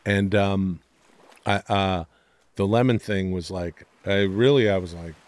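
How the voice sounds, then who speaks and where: A man's voice: sits low, steady tone, a little slow. A man as a podcast guest, telling comic stories in a loose, profane way and acting out quotes in silly voices. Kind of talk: animated comedic storytelling.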